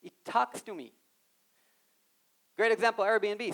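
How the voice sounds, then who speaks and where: A man giving an animated live talk on a conference stage, speaking straight to the audience and acting out quoted voices. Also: on the high side, a little fast. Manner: animated, addresses the audience directly.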